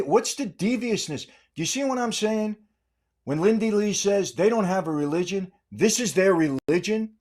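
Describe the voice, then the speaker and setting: Angry older man ranting, high-pitched. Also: darkish tone. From United States. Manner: angry, insulting, repeats himself for emphasis. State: aggravated. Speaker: podcast host. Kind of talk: political commentary rant.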